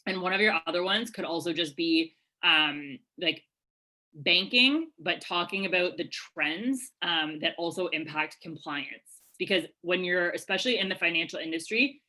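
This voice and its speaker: A woman presenting a live webinar over a video call, answering attendees' questions in an energetic, chatty way with lots of fillers. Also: lowish voice, poor audio. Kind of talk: live webinar Q&A, casual coaching. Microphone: webcam video call.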